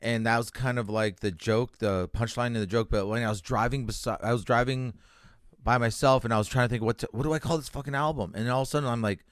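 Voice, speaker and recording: Swearing, emotional Canadian comedian. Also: male voice, medium pitch, steady tone, dry recording, clean studio sound. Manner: emotional, swears freely, halting restarts. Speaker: comedian guest. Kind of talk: candid interview storytelling. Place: radio studio.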